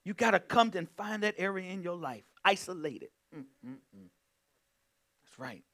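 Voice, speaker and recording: A man's voice: sits high, animated, moderate pace, sharp tone. A man preaching a sermon as pastor, fervent, breaking into exclamations and hums and calling on the congregation to answer him. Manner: fervent, exclaiming and humming between points; calls on the congregation to respond.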